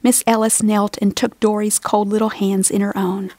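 A woman narrating a storybook in a soft, steady and expressive reading voice. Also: medium pitch, normal speed, no echo.

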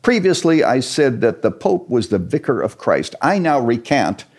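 A man's voice: mid-range voice, sing-song, normal speed, a little mellow, pitched above the performer's own voice. A man doing a scornful, defiant reformer. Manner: mocking, scornful. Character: defiant sarcastic male church reformer.

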